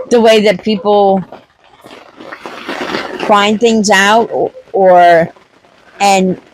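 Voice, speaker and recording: A woman's voice: fairly high pitch, a little hiss or hum, rough recording. A woman homestead vlogger chatting casually to camera, telling a story with acted-out quotes.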